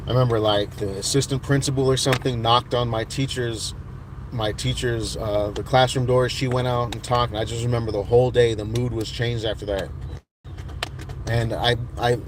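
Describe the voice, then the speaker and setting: A man in his thirties from the United States reads out livestream comments, chatting in a relaxed, rambling style with lots of restarts. His voice is medium-pitched, and there's background noise.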